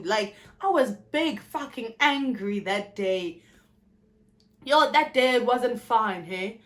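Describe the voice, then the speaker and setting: A South African woman in her twenties, talking frankly and with profanity in a candid personal vlog, telling her story in an animated way. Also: on the high side, slow. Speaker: YouTuber.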